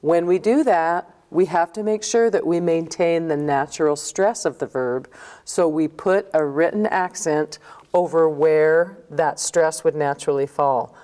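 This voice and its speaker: A woman's voice: deep voice, unhurried, mellow. A woman teaching a recorded grammar lesson, explaining step by step and checking in with "okay?". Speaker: Spanish teacher.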